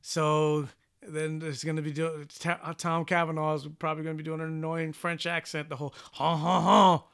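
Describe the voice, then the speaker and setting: A man's voice: fairly high pitch, little pitch movement, normal speed, fairly bright tone, clean tone. A young man co-hosting a casual chat, sarcastic and mocking, often trailing off mid-thought. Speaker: podcast co-host.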